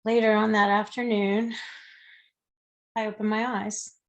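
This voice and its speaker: A woman's voice: medium pitch, flat delivery, measured pace, dull audio. A woman guest telling a personal story in a conversation, speaking candidly, swearing freely and acting out the people she quotes. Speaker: interview guest.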